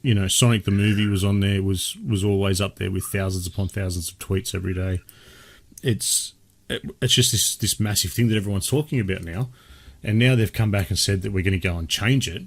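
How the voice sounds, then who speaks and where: A man co-hosts a casual gaming podcast, chatting loosely and rambling with many restarts. His voice is low-pitched, gravelly, and brisk.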